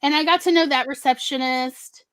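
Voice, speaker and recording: A woman hosting a casual talk show, telling a personal story in a lively way and acting out other people's lines in shifting voices. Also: high-pitched, moderate pace, dry recording. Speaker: podcast host telling a story.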